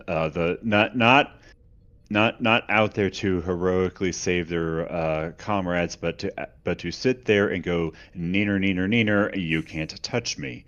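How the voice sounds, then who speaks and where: A man's voice: deep voice, a bit bright. A man co-hosting a casual live stream, joking wryly and playfully. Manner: playful, wry jokes. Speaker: podcast co-host. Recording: dull lo-fi audio.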